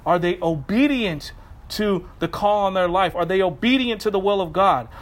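High-voiced man preaching a casual sermon. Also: moderate pace, low-quality recording. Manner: conversational, animated, self-correcting asides. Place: outdoors.

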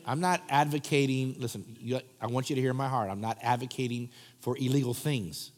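A man delivers a sermon from a church platform, his mid-range voice conversational and direct. He lurches between punchy, raised asides and soft, hushed stretches of prayer. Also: mid-range voice, a little fast. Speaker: pastor. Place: church sanctuary.

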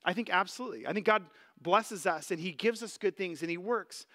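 A pastor delivers a sermon in an easygoing, earnest tone, with filler words scattered through his speech. His voice sits high and sounds bright. The sound rings with a long reverb, as if recorded in a large church hall. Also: fairly quick. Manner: conversational, earnest, many "like" fillers.

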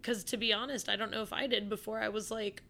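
A woman chatting as a podcast guest, swearing freely and packing her talk with fillers. Her voice is bright and forceful, with a gravelly, creaky edge. She holds a middle pitch. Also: quick pace, slight background noise. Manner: animated, profane, with frequent fillers. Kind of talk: casual storytelling chat.

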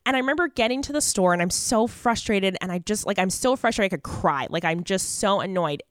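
A woman's voice: medium pitch, expressive, brisk. A woman guest on a podcast, telling a story in an earnest, chatty way with lots of fillers. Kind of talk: casual storytelling.

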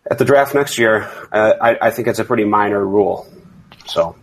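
A man hosts a loose podcast chat as the league's commissioner. His voice sits low and carries a gravelly, husky grain. He rambles, circling back on himself with halting restarts. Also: a bit bright, rough recording. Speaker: fantasy league commissioner and host.

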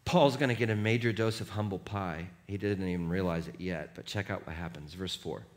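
Deep-voiced and brisk, this middle-aged male pastor gives an animated sermon full of jokes. Laughing at himself, he has the congregation read along out loud.

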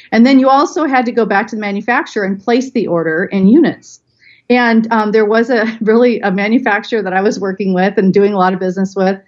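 A woman's voice: mid-range voice, highs cut off. Chatty woman telling a business story. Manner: chatty, animated anecdote telling with laughs. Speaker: guest, business consultant. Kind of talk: storytelling in a podcast interview.

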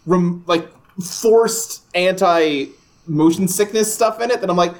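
A man co-hosting a casual gaming podcast, relaxed and chatty, with lots of fillers and the odd swear. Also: sits high, takes it slowly. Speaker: podcast co-host. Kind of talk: casual chat.

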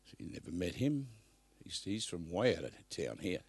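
A man preaching a live sermon at a church service, emphatic, swinging from loud bursts to hushed asides. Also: low voice, big pitch swings, normal speed, husky, dry recording.

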